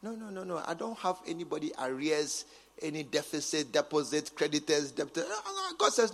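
A man with a Ghanaian English accent preaching a sermon as bishop, emphatic and repetitive, swinging from quiet asides to shouts. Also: on the high side, big pitch swings, fairly quick, big-room sound. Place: large cathedral.

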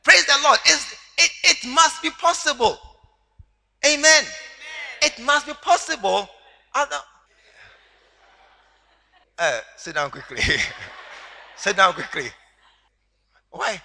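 A man preaching a sermon to a congregation, animated and teasing, laughing along with them. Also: very high voice, takes it slowly, creaky, pauses often. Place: church hall. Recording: long hall reverb.

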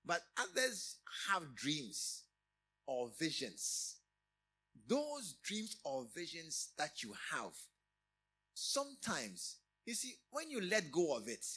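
A middle-aged man preaching a sermon, emphatic, often repeating and restarting phrases with sudden rises in loudness. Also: a little high, huge pitch swings, slow, husky. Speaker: pastor.

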